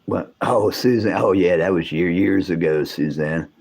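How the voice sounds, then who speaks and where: A man, hosting a casual livestream, rambling and swearing as he talks to his viewers, his voice gone deeper from coughing. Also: normal speed, creaky, a little mellow. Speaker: livestream host.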